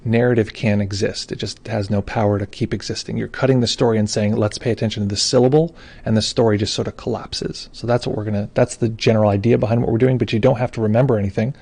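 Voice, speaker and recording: A meditation teacher explains meditation on a live call, talking fast and loosely in a gravelly, husky voice that sits a little low. He is relaxed and informal and keeps restarting his sentences as he goes.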